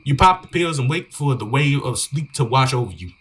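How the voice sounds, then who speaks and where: A man's voice: mid-range voice, lively intonation, fairly quick, fairly bright tone. A man giving joking, slangy commentary on a horror game while reading its dialogue aloud. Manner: joking, slangy, riffing on the story. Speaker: gaming YouTuber.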